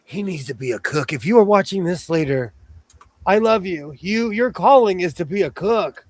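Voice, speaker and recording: A man's voice: high voice, lively intonation, normal speed, no echo, rough recording. A man hosting a casual chat, talking in an easygoing way with lots of restarts and self-corrections. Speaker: host.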